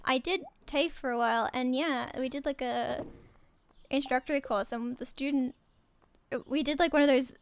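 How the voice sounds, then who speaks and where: While streaming a game, a young Australian woman makes casual, rambling chat, giggling and cutting herself off mid-thought. Her voice is high, her pace moderate, and there's slight background noise.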